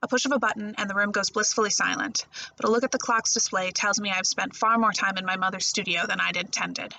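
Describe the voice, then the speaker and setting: A woman librarian reading a first-person novel chapter aloud in a steady storytelling voice. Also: mid-range voice, quick pace, vocal fry, a little hiss or hum, rough recording. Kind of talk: audiobook-style novel reading.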